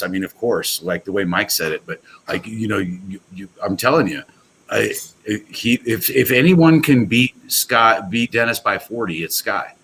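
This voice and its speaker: A man's voice: fairly low pitch, sharp tone, low-quality recording. A man talking as a guest on a casual podcast, rambling and enthusiastic with many restarts. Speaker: guest, pool products company owner.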